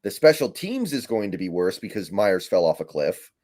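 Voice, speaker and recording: A man's voice: low voice, big pitch swings, moderate pace, darkish tone. A man giving blunt, matter-of-fact takes as a guest analyst on a sports talk stream.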